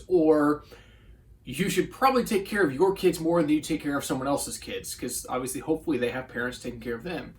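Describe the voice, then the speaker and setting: A man with a fairly high speaking voice preaches a brief devotional. He talks earnestly and conversationally, reading scripture aloud and slipping into quoted voices as he goes. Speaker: pastor. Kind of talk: short devotional sermon.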